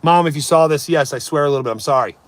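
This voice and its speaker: A man's voice: fairly high pitch, rapid-fire, no room sound. A man live streaming, ranting casually and mocking his chat in a brash, swearing way. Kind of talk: casual comedic rant.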